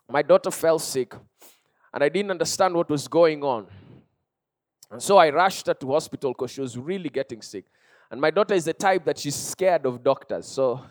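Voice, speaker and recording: A Kenyan pastor in his thirties delivers a sermon in a notably high voice. He preaches with passion, rising to loud cries and dropping to hushed storytelling.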